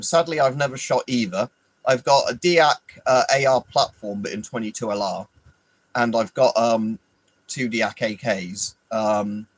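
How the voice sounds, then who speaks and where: A man's voice: mid-range voice, dry recording, poor audio. An Englishman hosting a casual livestream, rambling, swearing freely and answering viewers by name. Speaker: livestream host. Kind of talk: casual live chat.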